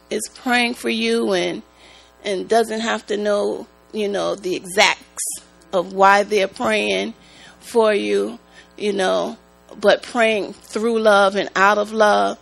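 A woman giving a church testimony, speaking in a slow, halting, emotional way. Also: medium pitch, creaky, faint music behind, poor audio. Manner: slow, halting, emotional, prone to rising excitement. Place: church sanctuary. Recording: mains hum in the background.

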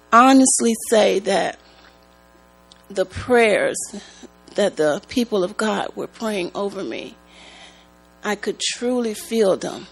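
A woman giving a church testimony, speaking in a slow, halting, emotional way. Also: medium pitch, vocal fry, low-quality recording. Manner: slow, halting, emotional, prone to rising excitement. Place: church sanctuary. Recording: mains hum in the background.

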